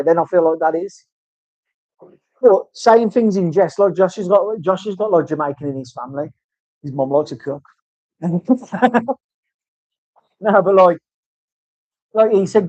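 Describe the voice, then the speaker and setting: A man's voice: high-pitched, mellow, dry recording. A man in casual chat, rambling and swearing through banter in a tattoo studio. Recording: dull, dry lo-fi sound.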